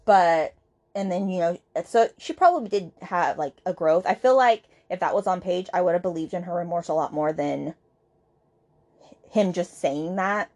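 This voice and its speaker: A chatty woman hosting a book podcast, talking casually and filling her retelling with fillers and quoted dialogue. Her voice sits a little low for a woman. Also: normal speed, a little mellow. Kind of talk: casual book review chat.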